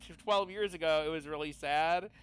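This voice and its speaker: Chatty man with a smooth voice. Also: a little high, a little fast. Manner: rambling anecdotal storyteller. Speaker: player. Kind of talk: casual chat during a tabletop game.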